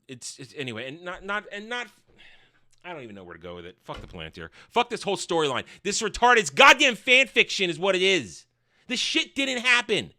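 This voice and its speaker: A man's voice: high voice, very animated, brisk, pushed and bright. A man reviewing a show in a crude, sarcastic rant, often stumbling and restarting his sentences.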